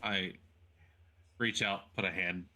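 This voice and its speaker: A man's voice: sits low, steady tone, slow, sharp tone. A man player in a tabletop game, speaking dryly and sardonically. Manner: dry, sardonic. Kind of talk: playing a character in a tabletop game.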